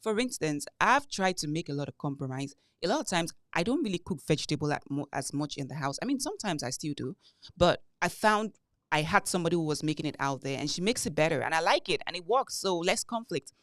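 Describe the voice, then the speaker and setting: A woman co-hosting a podcast in casual chat, animated and telling stories with heavy emphasis. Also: low voice, fast, no room sound. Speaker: podcast co-host.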